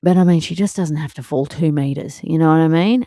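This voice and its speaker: Woman in her thirties, low voice, candid podcast host who laughs through her worries, dry close-miked sound. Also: fairly quick, few pauses, warm tone, no room sound. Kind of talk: solo parenting podcast monologue.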